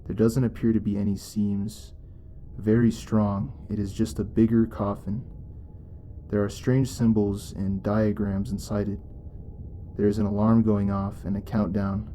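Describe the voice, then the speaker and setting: A man reading a first-person story as scripted narration, in a measured, even way. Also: lowish voice, a little hiss or hum.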